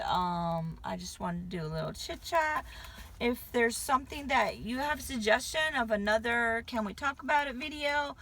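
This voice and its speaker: A woman in her fifties, originally from New England, rambles to her viewers in a casual chat with a light Southern drawl. Her voice is gravelly at the edges yet bright and forward. She talks in a hyper way, hopping from one thought to the next. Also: on the high side. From Connecticut, US. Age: 50s. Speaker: vlogger.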